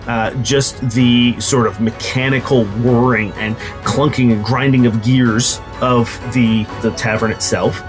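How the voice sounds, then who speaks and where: A man running a tabletop game as game master, narrating scenes in a descriptive, halting way. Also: mid-range voice.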